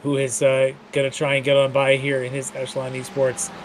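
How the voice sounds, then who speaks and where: A man's voice: medium pitch, monotone, brisk, slight background noise, poor audio. A man commentating an online sim race, mixing race calls with jokey banter. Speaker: play-by-play commentator.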